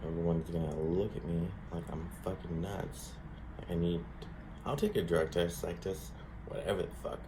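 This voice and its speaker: A man's voice: deep voice, fairly even intonation, moderate pace, background noise. A man speaking casually to camera in a rambling monologue, swearing a lot and using many fillers, earnest and shaken. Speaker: vlogger.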